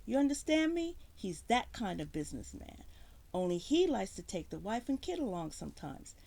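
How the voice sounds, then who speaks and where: A woman's voice: medium pitch, sing-song, normal speed, creaky, a little mellow. A woman voicing a big, threatening male mob enforcer with clipped tough-guy talk. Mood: menacing.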